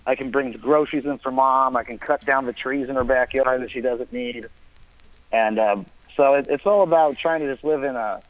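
A man's voice: mid-range voice, steady tone, fairly quick, poor audio. A man in his thirties, a stand-up comedian, rambling and swearing as he philosophizes about life in casual chat. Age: 30s.

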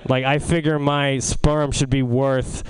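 A man's voice: mid-range voice, little pitch movement, unhurried. A man doing a stand-up comedy set in a casual, rambling way. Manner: casual and rambling, with fillers and restarts. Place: comedy club stage.

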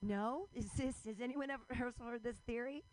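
Excitable rambling woman doing stand-up. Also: a little high, fairly quick, low-quality recording. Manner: rambling, excitable, swears freely. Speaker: stand-up comedian. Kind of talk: stand-up comedy set.

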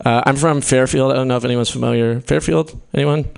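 This young stand-up from California has a gravelly, darkish mid-range voice with a steady tone, talking a little fast. Performing for a live crowd in a small comedy venue, he rambles, swears often, and chuckles at his own jokes.

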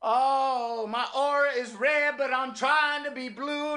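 A man hosting a radio show, delivering an impassioned, preacher-style monologue that swings from hushed murmurs to rising exclamations, a little out of breath. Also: extremely high pitch, steady tone, slow, hardly any pauses, clear, resonant tone. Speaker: radio host.

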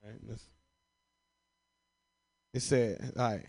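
Profane, laughing stand-up comic. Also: male voice, fairly low pitch, slow, vocal fry, darkish tone, breathy edge. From Chicago. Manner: profane, laughing at his own jokes. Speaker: stand-up comedian. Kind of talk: stand-up comedy answering prompts.

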